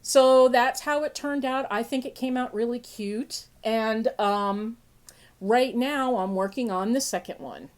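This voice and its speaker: Sniffly, playful woman with a high voice. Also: a little slow. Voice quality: sniffly nose. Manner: playful, laughs often, big pitch jumps when excited. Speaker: podcast host. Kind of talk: casual chat.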